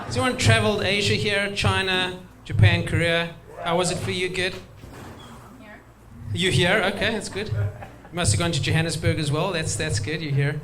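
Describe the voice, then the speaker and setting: High-voiced comic. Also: male voice, moderate pace, background noise. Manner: chatty, self-amused, laughs at own jokes. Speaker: stand-up comedian. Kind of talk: stand-up comedy set. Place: stage at a live comedy show.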